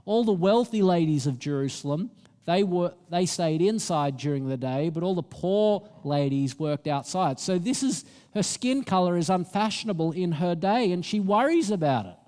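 Aussie guy in his 40s giving a sermon, kinda high voice, big hall echo. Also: animated, normal speed, mellow. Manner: storytelling, self-deprecating and earnest. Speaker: pastor. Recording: long reverb of a hall.

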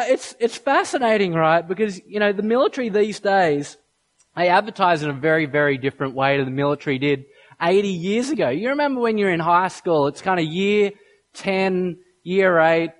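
A high-pitched man preaching a sermon. He tells animated stories, acting out lines and making sound effects as he goes. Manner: storytelling, animated, acts out quotes and sound effects. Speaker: pastor.

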